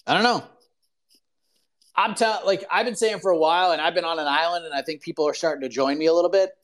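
Animated, opinionated male podcast host. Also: fairly high pitch, quick pace. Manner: animated, opinionated rants with frequent "like" fillers. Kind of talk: casual live call-in show.

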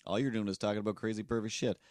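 A man's voice: fairly low pitch, steady tone, rapid-fire, a little mellow, dry recording, clean studio sound. A man co-hosting a podcast, rambling through a nervous, self-deprecating anecdote and acting out the other people in it. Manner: rambling, self-deprecating, acts out voices in stories. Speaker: podcast co-host. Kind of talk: casual chat, storytelling.

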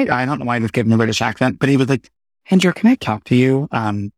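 A man in his thirties, a Broadway performer, talking as a guest in a casual interview and telling animated stories with quick asides. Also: mid-range voice, dry recording, clean studio sound.

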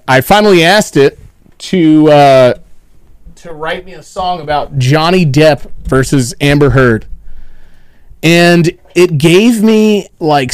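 A man's voice: a little high, gravelly, no room sound, clean studio sound. A man hosting a podcast in loose, joking casual chat, swearing freely. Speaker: podcast host.

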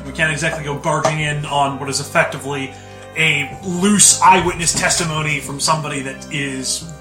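A man's voice: fairly high pitch, steady tone, normal speed, reverberant, over loud music. Casual man playing a tabletop game. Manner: casual, laughing, describes actions. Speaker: player.

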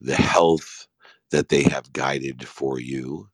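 Male, 50s, very low and dry. Heartfelt, emphatic motivational host fielding questions in an online live room. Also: fairly even intonation, slow pace, no room sound. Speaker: host and business speaker.

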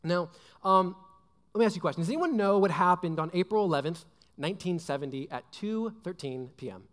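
A man's voice: high voice, lively intonation, fairly quick, fairly bright tone. A young adult man giving a casual sermon, chatty and full of fillers like "like" and "right?". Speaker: preacher. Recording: long hall reverb.

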